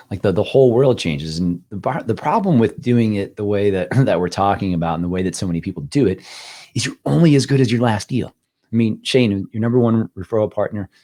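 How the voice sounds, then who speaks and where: Blunt low-voiced man ranting. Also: darkish tone. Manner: blunt, swears, preachy and emphatic. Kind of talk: casual podcast talk.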